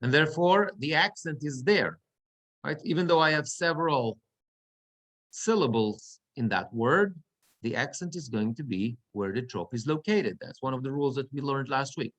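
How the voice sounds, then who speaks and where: A middle-aged man, a cantor, teaching Torah reading in an online class over a video call, slow and halting with frequent restarts. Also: medium pitch, lively intonation, fairly bright tone.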